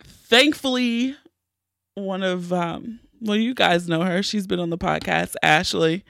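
Tearful woman with a gravelly voice. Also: fairly low pitch, takes it slowly, fairly bright tone, no echo, clean studio sound. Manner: emotional, candid, many fillers and restarts. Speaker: podcast host. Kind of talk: personal storytelling.

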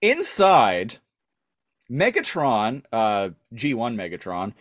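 A man's voice: medium pitch, huge pitch swings, slow pace, no echo, clean studio sound. A man co-hosting a podcast, recapping an episode in a rambling casual way. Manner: rambling, many fillers and restarts. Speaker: podcast co-host.

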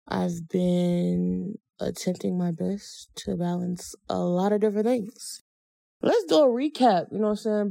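A woman's voice: fairly low pitch, vocal fry, dry recording. Blunt slangy woman podcast host. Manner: blunt, slangy, animated storytelling. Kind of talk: casual chat.

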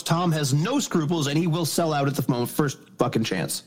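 A man's voice: a little high, moderate pace. A man from upstate New York co-hosting a podcast, sarcastic and swearing freely. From Buffalo, New York. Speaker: podcast co-host. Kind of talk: casual chat.

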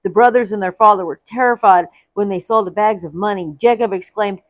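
A woman's voice: mid-range voice, a little fast, few pauses, no room sound. A woman narrating a Bible story aloud, reading expressively and acting out the quoted lines. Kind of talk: read-aloud scripture storytelling.

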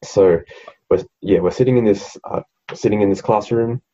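A man's voice: fairly low pitch, normal speed, dark tone, dull audio. A young Australian man co-hosting a podcast, rambling through a story in casual chat and swearing freely. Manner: rambling, swears freely, mocks quoted people. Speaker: podcast co-host.

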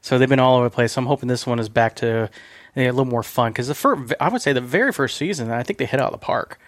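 A man's voice: medium pitch, racing, no room sound, studio quality. A man co-hosting a podcast in a loose, rambling casual chat, laughing often. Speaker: podcast co-host.

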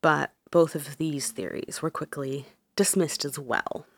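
A woman's voice: deep voice, fairly even intonation, measured pace. A woman hosting a podcast who is sick, telling a true crime case in a casual, chatty way and saying "like" a lot. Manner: chatty, laughs often, says "like" a lot. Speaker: podcast host.

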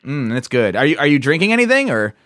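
A man's voice: fairly high pitch, sing-song, fast talker, a bit bright, no room sound. A man with a New Jersey accent co-hosting a casual podcast, chatty and laughing as he tells stories. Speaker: podcast co-host.

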